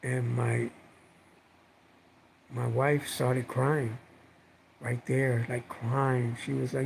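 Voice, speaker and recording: A man's voice: mid-range voice, little pitch movement, very slow, gravelly, pauses often, a little hiss or hum, rough recording. A middle-aged man vlogging from home, telling a personal story in a rambling, heartfelt way, repeating words and using lots of fillers.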